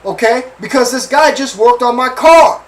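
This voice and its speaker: A very high-voiced man speaks at a moderate pace on a low-quality recording made from a distance. As host of his own podcast, he delivers an animated, swear-heavy rant about his life, repeating phrases and keeping on asking whether listeners follow and agree.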